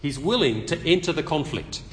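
A man preaching an expository sermon at a public meeting, conversational and animated, with touches of light humor. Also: a little high, moderate pace, a little hiss or hum. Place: meeting hall. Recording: long reverb of a meeting hall.

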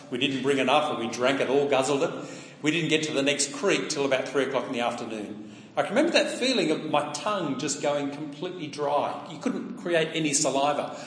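Man preaching in an echoey hall. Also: medium pitch. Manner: conversational, asks the listeners rhetorical questions. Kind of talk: sermon. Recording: echoey hall with long reverb.

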